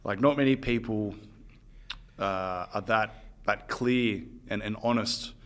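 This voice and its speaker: A man's voice: on the low side, slow, fairly bright tone. Laughing Australian male podcast host. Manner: laughing storyteller, chatty. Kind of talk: casual interview chat.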